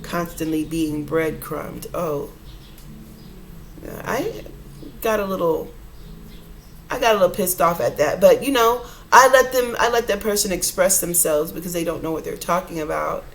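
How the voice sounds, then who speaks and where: A woman's voice: on the low side, normal speed, slight background noise, low-quality recording. A woman hosting an inspirational podcast, talking casually and earnestly in a rambling way, calling her listeners y'all. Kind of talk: casual motivational talk.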